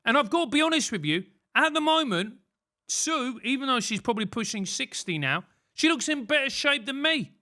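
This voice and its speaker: A man's voice: very high voice, very animated, moderate pace, sharp tone. A man with a British accent giving comedic advice as a podcast host, ranting and self-mocking. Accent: British English. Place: London.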